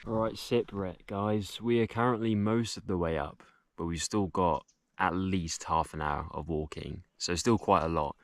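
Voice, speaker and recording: A man's voice: sits low, moderate pace, few pauses, dry recording. A man vlogging casually to camera as he hikes up a mountain outdoors, out of breath and chatting to his viewers. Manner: chatty, addresses viewers as guys. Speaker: travel vlogger. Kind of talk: casual vlog to camera while hiking.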